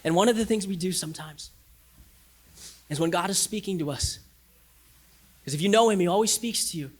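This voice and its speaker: A man pastor preaching a sermon, repeating phrases for emphasis and swinging from loud emphasis to hushed, almost whispered lines. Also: sits high, fairly quick.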